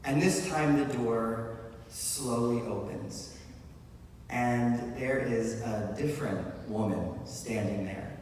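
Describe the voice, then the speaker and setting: A man telling a true story on a live stage in an animated, breathless way, often laughing at himself. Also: medium pitch, takes it slowly, far from the mic, a little hiss or hum. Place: large live venue. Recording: echoey hall, heard from afar.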